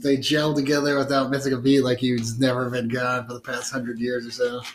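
A man's voice: medium pitch, little pitch movement, brisk, slight background noise. A man co-hosting a casual podcast chat, easygoing, chiming in and joking along with his friend. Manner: easygoing, chimes in and jokes. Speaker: podcast co-host.

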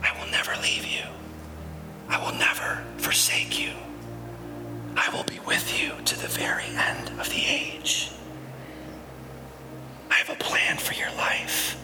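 A man voicing God as a tender, near presence in a whispered role-play, his words breathed in a soft unvoiced whisper. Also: unhurried, pauses often, lightly acted. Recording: reverberant hall with soft music.

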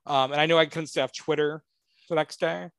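Rambling, excitable man with a higher voice. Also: fairly quick, gravelly, clean tone, no room sound. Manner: rambling, with frequent filler words; excitable fan enthusiasm. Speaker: podcast co-host. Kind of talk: casual pop-culture podcast chat.

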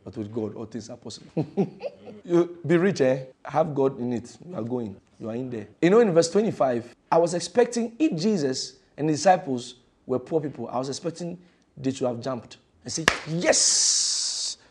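A male pastor preaching a fervent sermon in a church, repeating phrases and swinging between loud declarations and hushed lines. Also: medium pitch, lively intonation, moderate pace, husky.

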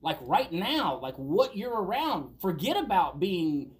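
A man preaching a sermon in a relaxed, conversational way. He tells stories plainly and then lifts into emphatic questions. His voice sits a little higher than most men's. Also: measured pace. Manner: conversational, storytelling with rising emphatic peaks. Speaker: pastor.

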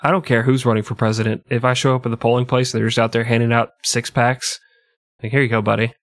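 Profane joking podcast host. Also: male voice, medium pitch, little pitch movement, fast talker, no echo, studio quality. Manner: irreverent, profane, laughs often. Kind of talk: comedic history narration.

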